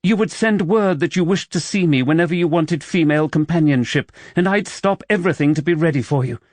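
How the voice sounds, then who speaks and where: A woman's voice: low-pitched, fairly quick, darkish tone, dry recording, voice pushed up. A man voicing a proud, wary young widow who works as a paid companion, speaking tensely and defensively in an audiobook.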